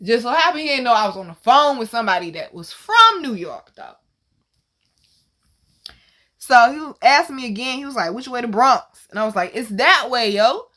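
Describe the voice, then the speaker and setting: Animated, profane woman telling a story. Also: on the high side, normal speed. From Virginia, USA. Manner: animated, profane, laughing, acts out the people in her story. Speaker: channel host telling a personal story. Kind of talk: casual storytelling.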